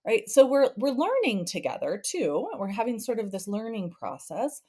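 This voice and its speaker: A woman's voice: a little high, big pitch swings, moderate pace, warm tone, slightly rough. A woman therapist and podcast guest giving conversational parenting advice, acting out family scenes with playful voice shifts.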